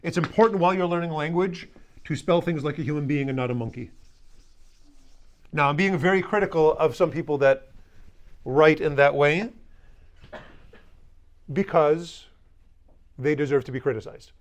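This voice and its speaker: A man's voice: on the high side, normal speed, long pauses. A male language teacher giving a classroom lesson, blunt and teasing, leading the class in drills.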